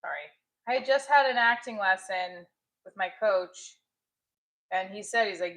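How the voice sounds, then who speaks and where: A woman's voice: medium pitch, a little slow, long pauses, a bit bright, poor audio. A woman, a comedian and actress, chatting on a live stream, thanking viewers and rambling about her shows.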